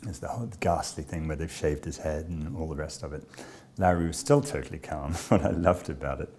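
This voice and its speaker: A man who directs a charity, telling a personal story in a measured, understated way with frequent pauses. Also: rumbling low, a little mellow.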